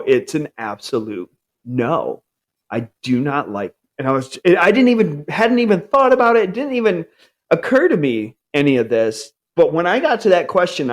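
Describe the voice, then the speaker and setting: A man in his forties shares a candid personal story in an earnest, open way. His slightly high voice rises and falls in a lively way, and it jumps up higher when he acts out his upbeat self-talk.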